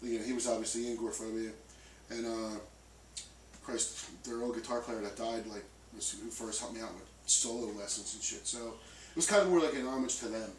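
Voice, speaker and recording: A man's voice: lowish voice, brisk. A man in a band, chatting casually in an interview with many fillers and restarts. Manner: loose, rambling with many fillers. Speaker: band member. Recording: roomy, distant mic, faint noise.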